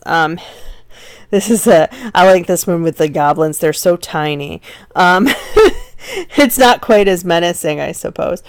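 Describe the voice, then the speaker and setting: A woman's voice: fairly low pitch, clean tone, no echo. A woman teaching a recorded lecture, conversational and full of ums and restarts.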